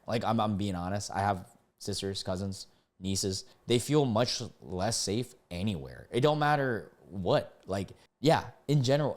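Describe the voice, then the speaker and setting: A man doing casual reaction commentary on online posts, full of slang like "dude" and "bro", with sudden high, loud outbursts.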